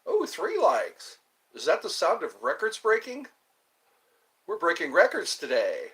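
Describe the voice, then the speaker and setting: A man's voice: high-pitched, wildly swooping pitch, unhurried, fairly bright tone. A man streaming live, rambling and joking as he chats with his viewers. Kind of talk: casual live-stream chat.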